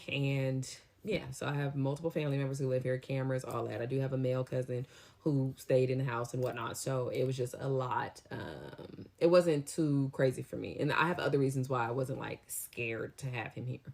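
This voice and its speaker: Low-voiced young woman telling a story. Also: normal speed, vocal fry. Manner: animated, slangy storytelling with lively acted-out quotes. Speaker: storytime vlogger. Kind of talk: casual storytime.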